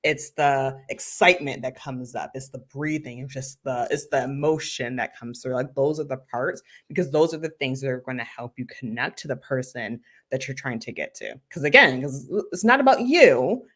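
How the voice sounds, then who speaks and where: A woman marketing consultant talking as a podcast guest, animated and emphatic, saying "like" often. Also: extremely low pitch, normal speed, hardly any pauses. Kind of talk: conversational interview.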